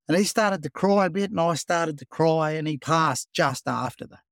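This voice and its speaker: A man's voice: fairly high pitch, moderate pace, creaky, few pauses, no echo, studio quality. An Australian man, the founder of a program, telling a story in a casual interview, acting out the dialogue with plenty of life. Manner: animated storyteller, acts out dialogue, says "mate".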